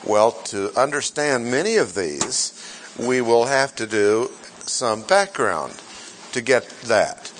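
Slow, deliberate preaching man. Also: medium pitch, lively intonation, fairly bright tone, a little hiss or hum. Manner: deliberate, repeats key phrases, asks rhetorical questions. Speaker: pastor teaching a Bible class. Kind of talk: sermon-style Bible teaching.

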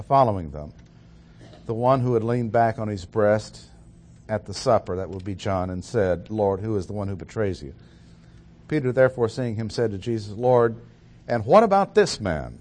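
A man preaching a verse-by-verse sermon, speaking deliberately and stressing key words, with fillers and restarts. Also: on the low side, a little mellow. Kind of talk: expository sermon.

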